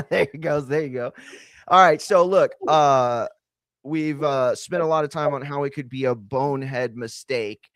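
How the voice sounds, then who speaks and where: Animated man hosting a fight podcast. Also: a little high, unhurried, no room sound, studio quality. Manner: animated, repeats himself, jokey. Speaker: podcast host. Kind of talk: casual combat sports talk.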